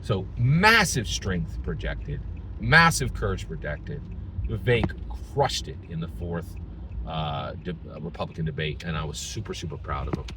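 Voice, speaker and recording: A man's voice: deep voice, animated, normal speed, noisy background. A man from Philadelphia giving casual political opinion commentary, emphatic, restarting phrases and tagging lines with "right?". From Philadelphia, United States.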